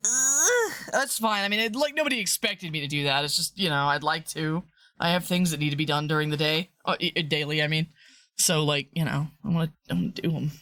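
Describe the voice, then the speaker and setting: A woman streamer chatting casually on a live stream, rambling, playful and laughing often, sometimes breaking into high squeals. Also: brisk, a bit bright, no echo, clean studio sound. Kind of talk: casual livestream chat.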